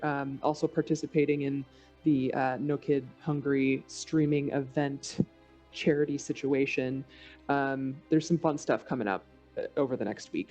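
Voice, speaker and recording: A woman's voice: low voice, warm tone, highs cut off. A woman player in a tabletop game, chatting casually and upbeat, with filler words. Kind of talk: casual chat.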